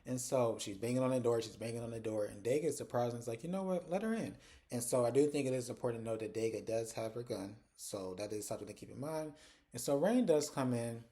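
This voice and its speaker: A man hosts a laid-back recap of a TV series, talking through the plot in a loose, chatty way. His voice has a dark, mellow tone. His pitch sits in an ordinary middle range. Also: quick pace. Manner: chatty and conversational, retells scenes with lots of "like". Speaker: TV recap host. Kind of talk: casual TV episode recap.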